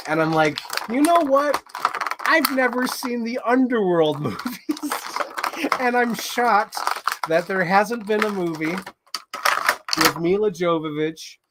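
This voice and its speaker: Man, show host, casual movie recap, rambling, excited, swearing, slightly high voice. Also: background noise.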